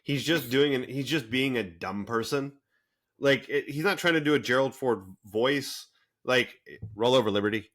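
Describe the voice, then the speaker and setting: A man co-hosting a podcast, talking in a casual, animated way with many fillers. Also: medium pitch, normal speed. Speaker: podcast co-host. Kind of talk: casual chat.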